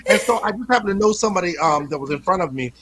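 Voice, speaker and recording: A man doing a stand-up routine over a video call, telling a crude story in an animated way, acting out voices and shouting punchlines. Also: high voice, racing, crowd noise. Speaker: stand-up comedian.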